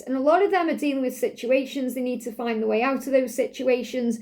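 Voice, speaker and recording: High-pitched female card reader, chatty spiritual monologue that circles back on itself. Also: steady tone, a little fast, hardly any pauses, a little mellow. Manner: chatty, repeats phrases, voices the cards' messages.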